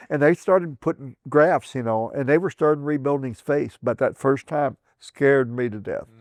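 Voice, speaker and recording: Speaking at a normal speed, this older man from southern Indiana shares recollections of his time as a veteran in an oral history interview. His account wanders, with chuckles and false starts, and he voices other people's words in a higher pitch. The studio sound is clean, with no room sound.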